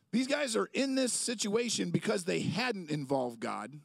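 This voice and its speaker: A young man preaching with a high, gravelly voice, telling stories and jokes in a loose, chatty way. His voice is dry and close, with no room echo. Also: expressive, normal speed. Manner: conversational, jokey storytelling with acted-out quotes. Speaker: pastor. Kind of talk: sermon.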